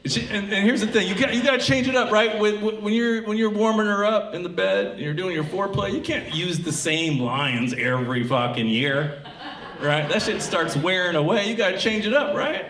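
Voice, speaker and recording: Male comedian, thirties, lively storytelling, slightly high voice, echoey theatre, laughing crowd. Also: moderate pace. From Tacoma, Washington. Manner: animated storytelling, acting out quoted voices. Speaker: stand-up comedian. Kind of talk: stand-up comedy set. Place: theatre stage with live audience.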